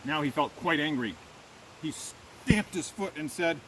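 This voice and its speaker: High-voiced man reading to children. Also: measured pace, slight background noise, low-quality recording. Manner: animated, asks children questions. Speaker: teacher reading aloud. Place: outdoors.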